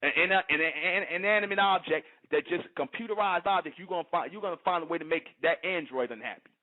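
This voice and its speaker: Over a tinny, phone-like line, a man with a fairly high voice talks fast through a preachy, repetitive lecture. He keeps pausing to ask "you understand?"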